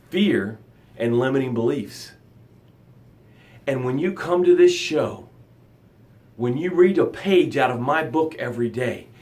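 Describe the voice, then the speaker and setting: A man in middle age leads a live motivational show with a slightly high voice. He swings between hushed, low passages and loud, raised bursts as he talks straight to his audience. He also reads their comments aloud. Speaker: motivational coach and show host. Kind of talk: motivational live broadcast talk.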